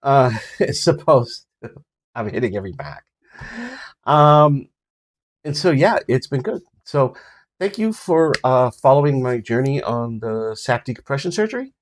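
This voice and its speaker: A man's voice: medium pitch, big pitch swings, a little slow. An older man with a Boston accent giving a casual, rambling vlog update, full of ums and easy laughs. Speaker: vlogger.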